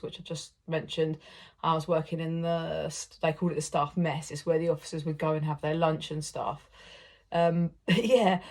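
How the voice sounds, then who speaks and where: A woman's voice: on the low side, a little mellow. A British woman casually telling a personal story to camera, chatty and rambling with lots of "like" and "um". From United Kingdom. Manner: chatty and rambling, heavy use of "like" and "um". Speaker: vlogger, former prisoner.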